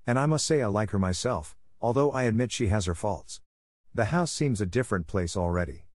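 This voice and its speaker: A man's voice: lowish voice, animated, a little fast, darkish tone, dry recording, lightly acted. A man reading the lines of a stern, dry-spoken middle-aged woman in an audiobook. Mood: plain. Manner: dry and firm.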